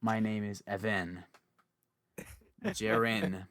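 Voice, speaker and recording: A man's voice: fairly low pitch, fairly even intonation, takes it slowly, fairly bright tone, no room sound. Chatty young man hosting a podcast. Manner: chatty, self-interrupting, laughs often. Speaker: podcast host. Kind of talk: casual podcast chat.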